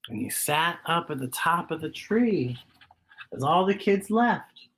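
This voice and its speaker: A woman's voice: low-pitched, lively intonation, measured pace, slight background noise. A woman hosting a children's storytime, reading a picture book aloud and asking her young listeners questions, sometimes dropping to a whisper.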